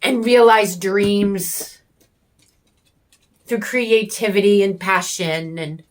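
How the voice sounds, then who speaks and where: This homesteader vlogs with a mid-range voice, speaking candidly and hotly to camera about something personal. Her tone is bitter and angry, laced with frequent curses and pauses while she hunts for words.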